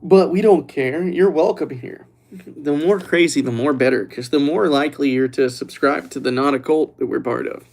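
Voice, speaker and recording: A young man hosting a livestream who chats loosely and teases the viewers while reading their comments aloud, relaxed after a few glasses of red wine. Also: a little high, moderate pace, gravelly. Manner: joking, teasing, reads chat aloud. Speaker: livestream host. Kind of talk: casual livestream chat.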